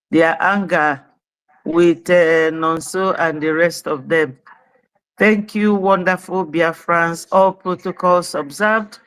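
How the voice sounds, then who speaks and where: A woman calling in, speaking slowly and ceremoniously with formal greetings. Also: on the low side, fairly bright tone, poor audio. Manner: slow, deliberate, ceremonious. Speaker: caller.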